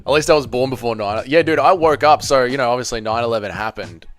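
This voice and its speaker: An Australian man in his thirties hosts a casual livestream watch-along, bantering with chat in a profane, joking way. He talks quickly in a mid-range voice, with faint music in the background.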